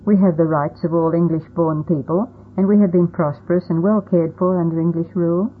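A woman reading the part of a stern, proud old colonial grandfather, in a husky voice with a commanding, firm manner. The sound is tinny and phone-like. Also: fairly low pitch, steady tone, fairly quick. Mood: explaining.

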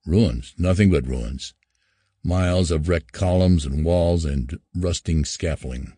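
A man's voice: deep voice, a little slow, dark tone, breathy edge, no room sound, clean studio sound. A man reading the lines of a nervous male astronaut who reports from the ground in gasps. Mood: shaken. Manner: anxious, gasping.

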